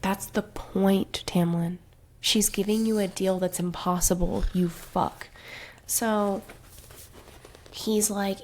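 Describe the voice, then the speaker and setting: Woman co-host, unhurried delivery, sarcastic and swearing, laughs a lot, casual book chat. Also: medium pitch, steady tone, darkish tone. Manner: sarcastic, profane, laughing often. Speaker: podcast co-host.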